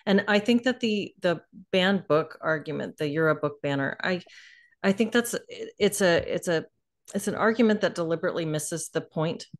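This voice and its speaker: A woman hosting a podcast interview, asking thoughtful questions in a halting way with restarted phrases. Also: on the low side. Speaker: podcast host.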